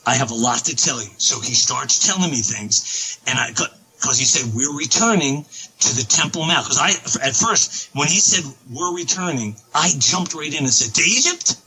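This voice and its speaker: A man telling a long story as a podcast guest, excitable and rambling, with many restarts. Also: medium pitch, normal speed, poor audio. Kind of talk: casual storytelling.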